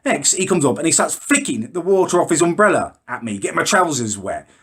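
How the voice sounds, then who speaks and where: A man's voice: a little high, animated, fairly quick, a bit bright. A man playing a pompous, furious ranting Englishman. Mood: indignant rant. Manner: indignant, pompous, builds into angry outbursts. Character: petty, furious, self-righteous young man ranting on camera. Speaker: comedy character vlogger. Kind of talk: comic rant to camera. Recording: echoey room.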